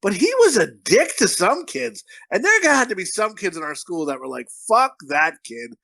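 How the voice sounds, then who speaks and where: A man's voice: high voice, huge pitch swings, fairly quick, creaky, fairly bright tone, no room sound. A man co-hosting a podcast in casual chat, a profane, rambling storyteller who laughs at his own stories. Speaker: podcast co-host.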